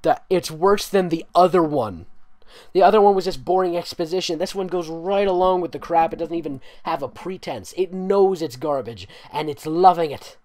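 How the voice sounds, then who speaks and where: A man's voice: fairly high pitch, moderate pace, a little mellow. A man doing a comedic reading of a bad fan story, mocking it with sarcastic asides that swing from mumbles to outbursts. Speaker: fanfic reader and voice actor. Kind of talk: comedic dramatic reading with commentary.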